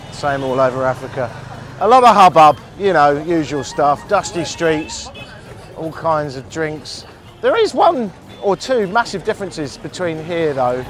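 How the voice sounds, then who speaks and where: A man's voice: fairly high pitch, a bit bright, slight background noise. A man hosting a travel podcast while walking through an outdoor street market, chatting with wry, rambling asides. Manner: rambling, wry asides and quick self-corrections.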